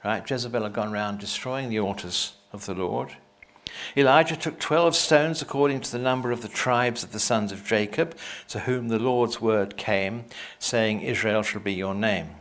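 A man's voice: mid-range voice, moderate pace, fairly bright tone. A man reading a Bible passage aloud and breaking off for conversational, wry asides. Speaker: Bible teacher.

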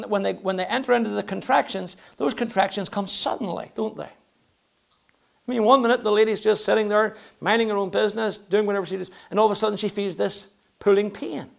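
A man's voice: high-pitched, steady tone, brisk, gravelly. A man preaching a sermon to his church, emphatic, repeating words as he builds each point and raising his voice to read scripture. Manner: reads scripture aloud in a raised voice.

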